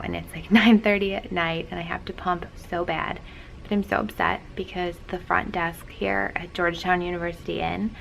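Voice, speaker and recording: A woman's voice: lowish voice, fairly bright tone, poor audio. A woman in her thirties talking candidly to a handheld phone camera in a chatty vlog, with lots of "like". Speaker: vlogger. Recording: clear background noise.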